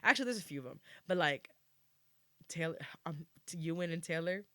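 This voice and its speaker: A woman's voice: a little fast, dry recording. A woman co-hosting a podcast in casual chat, telling stories and acting out quotes in squealing voices. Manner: animated storytelling, acts out quotes in high squeals. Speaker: podcast co-host.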